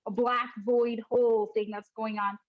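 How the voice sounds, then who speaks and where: A woman's voice: fairly high pitch, level tone, normal speed. A woman, speaking to viewers in a personal vlog with impassioned frustration. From United States. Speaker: vlogger, mother sharing her birth story. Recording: dull lo-fi audio.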